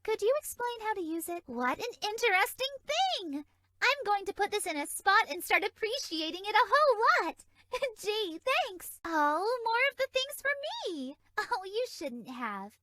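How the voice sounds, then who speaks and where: A bubbly female love fairy for a video game, giggling and gushing in a bright, sparkling tone that leaps all over its range. She sounds sweet, scatterbrained and dramatic. The studio sound is close and dry. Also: very high voice, big pitch swings, unhurried, no room sound, exaggerated voice.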